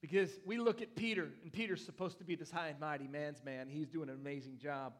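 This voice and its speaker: A young man preaches a lively sermon in a church. His voice sits a bit above the usual pitch, and he moves from loud bursts to softer asides with a playful touch. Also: fast. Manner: animated, playful preaching with lively swings in loudness. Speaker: pastor.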